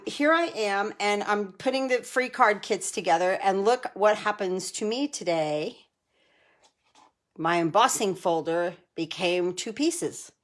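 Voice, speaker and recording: A middle-aged woman from New Jersey, with a mid-range voice, hosts a casual live card-making tutorial. She's chatty and enthusiastic, greeting viewers by name.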